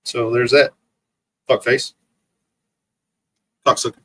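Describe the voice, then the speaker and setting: Bright-voiced guy streaming, cussing and ranting nonstop, repeats himself a lot, fairly high pitch. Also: animated, a little slow, long pauses, poor audio. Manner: profane, mocking, repetitive ranting; reads and answers chat comments. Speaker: livestream host. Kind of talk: ranting livestream monologue.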